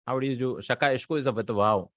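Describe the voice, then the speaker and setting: A man's voice: mid-range voice, fast talker, fairly bright tone, no echo, studio quality. A man teaching Arabic grammar, working through exercises and repeating each word form aloud. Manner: patient, drills words aloud, asks and answers himself.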